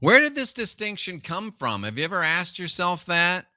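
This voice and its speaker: A man's voice: high voice, very animated, moderate pace, pushed and bright, no echo, clean studio sound. A middle-aged man hosting a live stream, talking through religious questions with viewers and asking rhetorical questions as he goes. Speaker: livestream host.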